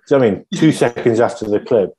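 A man's voice: mid-range voice, warm tone, husky. A man co-hosting a podcast, rambling and joking as he guesses. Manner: rambling, jokey, quick to laugh. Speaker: podcast co-host. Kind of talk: casual comedic chat.

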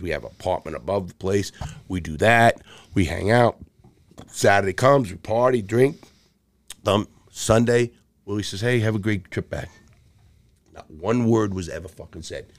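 A deep-voiced, middle-aged man with a Brooklyn accent, recorded with no room sound. He's a former jewel thief appearing as a podcast guest, swearing nonstop while he tells stories and acts out the dialogue with lots of animation.

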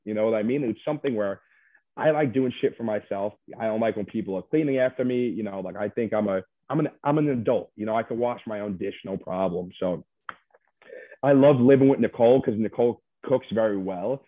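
Low-voiced man on a tinny phone line. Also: brisk, dry recording. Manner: loose and rambling, heavy on fillers. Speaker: reality show contestant guest. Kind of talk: casual interview chat.

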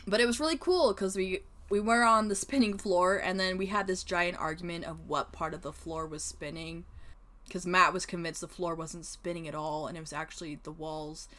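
A woman's voice: lowish voice, fairly even intonation, normal speed, a bit bright. A young adult woman co-hosting a podcast, telling a chatty story with lots of laughs and swearing. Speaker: podcast co-host. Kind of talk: casual chat.

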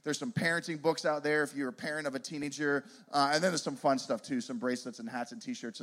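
A man's voice: medium pitch, fairly bright tone. A middle-aged man speaking to a live audience, telling a humorous, self-deprecating story with many restarts and asides. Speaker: youth ministry speaker.

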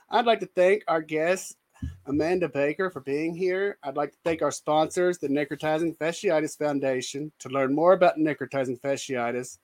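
A man with a Southern accent hosting an interview show, giving short affirmations and closing the episode. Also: a little high. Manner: friendly, brief affirmations. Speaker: podcast host. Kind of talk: interview host.

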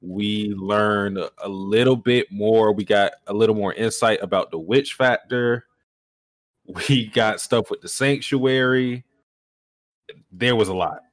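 A man co-hosting a podcast in casual chat, measured and to the point. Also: lowish voice, no room sound. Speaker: podcast co-host.

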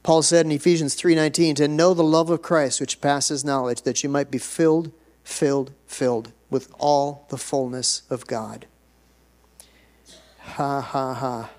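Man, pastor, sermon, fairly high voice, emphatic bursts, chatty asides. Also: moderate pace. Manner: animated preaching, bursts of emphasis; conversational asides.

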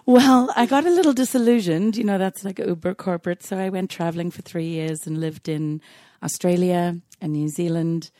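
A woman from South Africa with a blended South African accent, slightly hoarse, telling her story candidly as a podcast guest. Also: on the low side, normal speed, few pauses, warm tone, dry recording, clean studio sound. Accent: South African, blended with British and American. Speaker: guest, tantra teacher. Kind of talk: casual interview chat.

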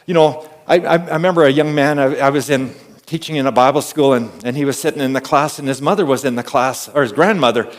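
A man preaching a conversational sermon. He moves between hushed asides and loud, emphatic calls, often adding an amen and repeating words as he tells stories. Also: medium pitch, fast. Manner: repeats and restarts words while storytelling. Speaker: pastor.

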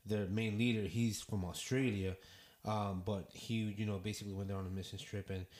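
A man's voice: fairly low pitch, level tone, fairly quick, a little mellow. A man, a father, telling a story as a guest in a casual round-table talk, earnest and full of "you know". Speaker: podcast guest. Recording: roomy echo.

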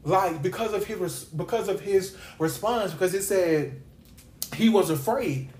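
A man's voice: high voice, a little slow, darkish tone, slight background noise. Man preaching casually in a roomy space. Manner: repeats phrases for emphasis; conversational, with slangy asides. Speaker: podcast host and Bible teacher. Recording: roomy echo.

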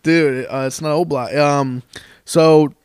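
A young man co-hosting a podcast, telling stories in casual chat, animated and laughing often. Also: on the high side, takes it slowly, smooth, dry recording, clean studio sound. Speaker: podcast co-host.

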